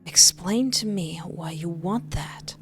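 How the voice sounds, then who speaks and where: A woman voicing a soft-spoken, possessive young male kidnapper who talks slowly and gently over barely held-back anger. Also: lowish voice, soft background music. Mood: coldly patient. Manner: slow, gentle, hushed, barely controlled anger.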